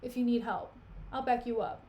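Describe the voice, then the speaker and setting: A woman doing a scheming man who speaks in an offhand, slangy way. The tone stays casual and modern, and the voice sits fairly high. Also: moderate pace, warm tone, natural voice. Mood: alarmed.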